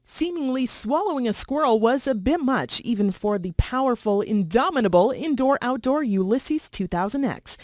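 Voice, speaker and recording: A woman reading chapters of a children's novel aloud in a measured, steady narration. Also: on the high side, dry recording, studio quality. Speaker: reader. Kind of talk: storybook read-aloud.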